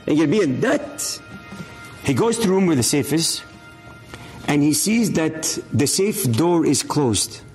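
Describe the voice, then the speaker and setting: A man with a slightly high, somewhat slow voice delivers an inspirational religious story as a sermon, with soft music in the background. He tells it in an animated way, acting out the dialogue of the story's characters.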